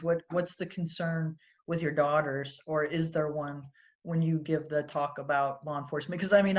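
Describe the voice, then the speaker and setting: A woman interviewer asking thoughtful questions and sharing her own experience in a relaxed conversational way. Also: on the low side.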